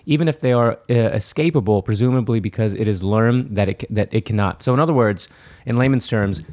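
A man's voice: fairly low pitch, fairly quick, darkish tone. A man co-hosting a podcast, chatting casually and explaining earnestly. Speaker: podcast co-host. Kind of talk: casual chat.

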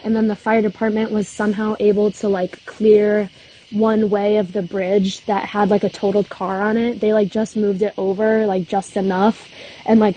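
Young woman, has a cold, casual storytelling, mellow tone, faint background noise. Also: medium pitch, poor audio. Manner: chatty, heavy use of "like". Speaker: podcast host.

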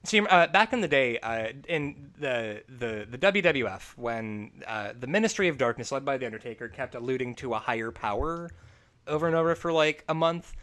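A man hosting a casual movie review chat, talking in an animated, profane way and laughing often. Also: medium pitch, normal speed. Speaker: podcast host.

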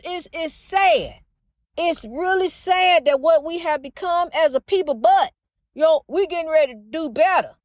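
A middle-aged woman delivers a heartfelt spiritual pep talk, circling back to the same phrases and sprinkling "honey" throughout. Her voice sits high, and the recording is close and dry with no room sound. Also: no room sound. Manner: preachy and repetitive, calls listener honey. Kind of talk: impassioned spiritual monologue.

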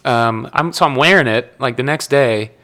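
A man's voice: medium pitch, normal speed, pushed and bright. A young man from Nebraska chatting casually as a podcast guest, rambling through stories, correcting himself and laughing often. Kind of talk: casual chat.

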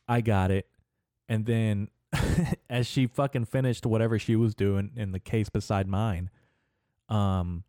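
A man's voice: on the low side, dark tone, dry recording, clean studio sound. A young man hosting a podcast, telling rambling stories about shopping trips and swearing a lot as he gets worked up. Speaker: podcast host. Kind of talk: casual storytelling rant.

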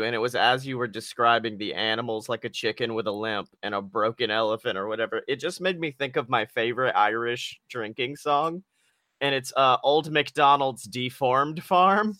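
A man with a bright, forward voice leads a casual podcast chat, playful and quick to swear. The sound is dry and close to the mic. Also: medium pitch, dry recording. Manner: playful, joking, swears freely. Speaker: podcast co-host.

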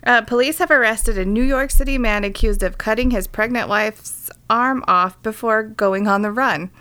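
A woman's voice: fairly high pitch, normal speed, pushed and bright. Woman, podcast co-host, casual chat, reads news aloud, swears freely, blunt asides. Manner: irreverent, swearing, reads news then jokes.

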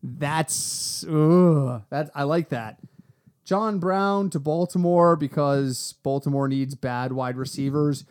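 Excitable higher-voiced man talking football. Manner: animated, quick to exclaim. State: has been drinking. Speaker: podcast co-host. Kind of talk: casual fantasy football chat.

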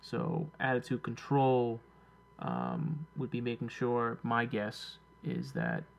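A man co-hosting a casual chat, thoughtful, sometimes slowly reading items off a list. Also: mid-range voice, sing-song, creaky. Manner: thoughtful, reads lists slowly.

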